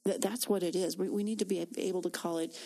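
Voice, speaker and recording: An earnest woman speaking about faith in a relaxed talk-show chat. Her voice sits a little low, and she tells stories with plenty of fillers and restarts. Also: fast, creaky. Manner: earnest, storytelling, frequent fillers. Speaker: Christian women's ministry speaker.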